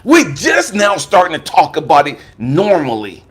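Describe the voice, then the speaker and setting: Husky, animated American man in his fifties. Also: normal speed. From United States. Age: 50s. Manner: emphatic and profane, swinging from raised outbursts to low murmurs. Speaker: life coach and speaker. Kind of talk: personal testimony talk.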